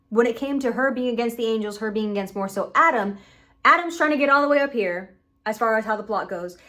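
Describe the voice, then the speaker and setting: A woman's voice: on the high side, fairly bright tone. A young woman from Puerto Rico giving emphatic, casual reaction commentary at home, swearing freely into a camera on a stand. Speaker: reaction video host.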